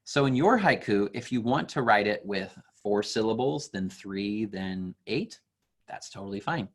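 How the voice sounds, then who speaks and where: A young man teaching an online class for kids, explaining slowly and patiently with fillers. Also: lowish voice, animated.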